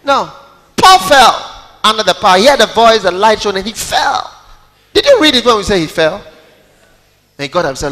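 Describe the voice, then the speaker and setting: High bright-voiced male preacher in a hall. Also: very animated, moderate pace, long pauses. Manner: dramatic, swinging from hushed to loud, acting out quotes. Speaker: pastor. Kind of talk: sermon with scripture reading. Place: large church hall. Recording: long hall reverb.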